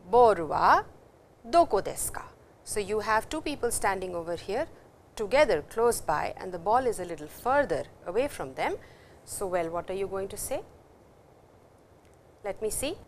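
A woman giving a recorded university language lecture, speaking slowly and patiently, repeating words and stressing how they sound. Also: medium pitch, animated, slight background noise. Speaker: language teacher.

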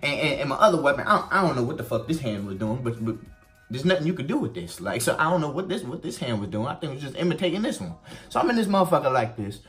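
Animated man telling a profane story. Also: quick pace, soft background music. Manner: animated, profane, swings pitch widely for emphasis. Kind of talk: casual storytime.

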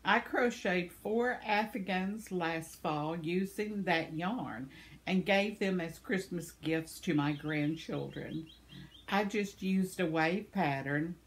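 An older woman hosting her own channel, casually reading viewer comments aloud in a chatty, tender way, laughing often and stumbling over names. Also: deep voice. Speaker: channel host.

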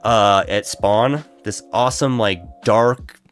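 With lo-fi music playing behind him, this Minecraft streamer talks slowly in a lowish voice. He's stuffed up and nasal from allergies, joking at his own expense as he chats casually with viewers during his game.

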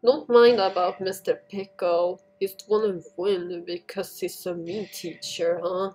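A woman giving casual gameplay commentary to her viewers in non-native English phrasing, shouting at jumps. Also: on the low side, measured pace, soft background music. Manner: excitable, talks to the viewers while playing, shouts at jumps. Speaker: gaming YouTuber.

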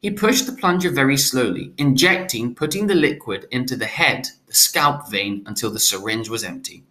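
Guy reading a novel out loud, bright voice, stops to explain words in plain terms. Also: mid-range voice, lively intonation, moderate pace. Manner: stops to restate hard words in simpler terms. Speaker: reader of a novel aloud.

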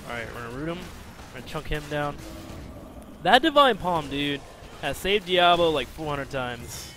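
At a moderate pace, a man narrates his video game play in a casual, self-deprecating, chatty way, bouncing between excitement and low mumbling. Faint music plays behind him.

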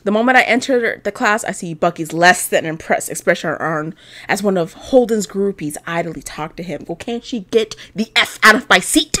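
A sassy young woman in her twenties who reads a story game aloud and comments on it as she goes. Her mid-range voice jumps from loud outbursts to muttered, swearing asides, and she keeps a playful, teasing tone throughout. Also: medium pitch, a little fast. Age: 20s. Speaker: gaming video host. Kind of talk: casual let's-play commentary.

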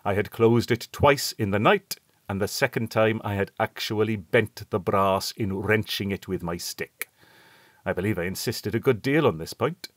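Low-voiced man narrating a horror story. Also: no room sound, clean studio sound. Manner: measured, suspenseful storytelling. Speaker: audiobook narrator. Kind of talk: first-person horror story reading.

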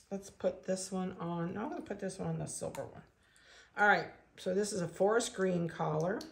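A woman breeder narrating a casual video, chatting along and cooing softly to the animals she handles. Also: medium pitch, creaky. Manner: chatty, coos softly to puppies. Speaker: dog breeder.

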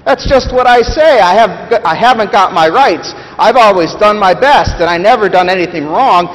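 A man voicing an indignant working-class male ghost who blusters loudly about his rights. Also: high voice, lively intonation, normal speed, pitched above the performer's own voice. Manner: blustering, loud, repeats "see?" and "bloody". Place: church sanctuary. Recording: long church reverb.

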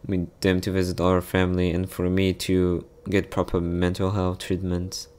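A man reading a visual novel story aloud, narrating and voicing every part in a soft, heartfelt way. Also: low-pitched, monotone, moderate pace, clear, resonant tone.

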